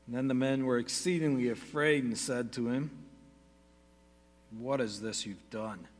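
Guy preaching, reads the bible passage out steady, fixes his slips as he goes, big echoey hall. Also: mid-range voice, measured pace. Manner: steady reading with brief casual asides and self-corrections. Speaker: pastor teaching a Bible study. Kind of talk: reading scripture aloud to a congregation.

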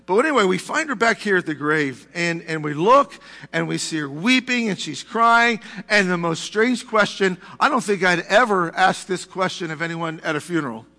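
A man's voice: sits high, expressive, moderate pace, bright, forceful tone, in a large hall. A male pastor preaching a sermon in a church, talking conversationally with asides to the congregation. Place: church sanctuary.

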